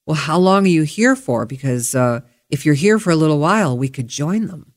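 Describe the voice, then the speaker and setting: A woman quoting a smooth-talking, flirtatious man she met while swimming, in a coaxing tone. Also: low voice, expressive, normal speed. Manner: coaxing, suggestive.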